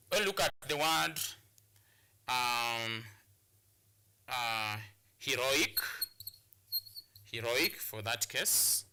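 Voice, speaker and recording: With a mid-range, sharp-toned voice, a man from Kenya leads a televised classroom English lesson. He goes step by step, frequently repeating words and starting them over.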